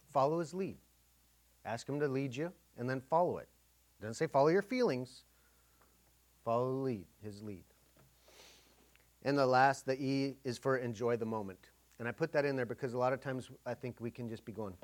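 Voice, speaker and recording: A man's voice: medium pitch, moderate pace. Middle-aged pastor guy preaching casual, acts out the voices in his head. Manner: conversational preaching, acting out inner dialogue. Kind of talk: sermon.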